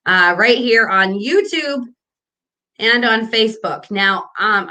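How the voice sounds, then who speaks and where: A woman's voice: medium pitch, sharp tone. A woman hosting a casual morning livestream, chatty and rambling with lots of fillers and restarts. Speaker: morning show host.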